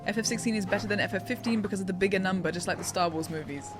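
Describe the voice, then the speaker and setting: An English woman streams a game and chats with her viewers in a playful, teasing way, laughing easily. Her voice sits at an ordinary middle pitch. Game music plays clearly behind her. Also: very fast, hardly any pauses. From England. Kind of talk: casual live-stream chat while gaming.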